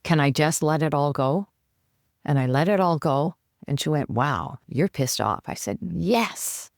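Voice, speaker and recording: A woman's voice: deep voice, measured pace, gravelly, darkish tone, no room sound, clean studio sound. A woman coach giving advice as a podcast guest, talking animatedly and acting out her own inner voice. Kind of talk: conversational advice.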